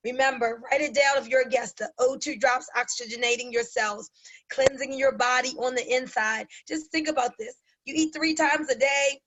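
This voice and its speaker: Woman, high voice, webinar host, emphatic persuasive sales pitch. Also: fairly even intonation, moderate pace, a bit bright, rough recording. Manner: emphatic, persuasive, addresses listeners as guys.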